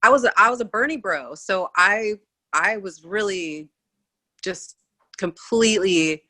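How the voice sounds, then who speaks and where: A woman's voice: mid-range voice, expressive, unhurried, sharp tone. A woman who lives in California, a guest in a casual political chat, rambling with many restarts and fillers.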